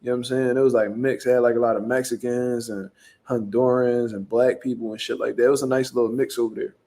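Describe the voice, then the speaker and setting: Profane, animated young man from Philly. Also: mid-range voice, fast talker. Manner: profane, animated street storytelling with acted-out quotes. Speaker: show host. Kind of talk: casual storytelling.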